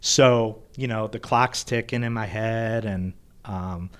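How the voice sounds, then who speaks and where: Man telling a lively sports anecdote. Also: on the low side, slow, clean tone. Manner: animated anecdote teller, laughs while talking. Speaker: sports PR executive. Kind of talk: podcast storytelling.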